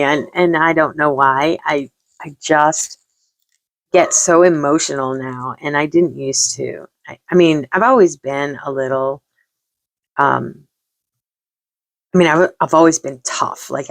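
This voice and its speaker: A woman's voice: sits low, no echo. A middle-aged woman hosting a vlog, chatting casually while she crafts, rambling and self-deprecating and often repeating herself. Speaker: vlog host.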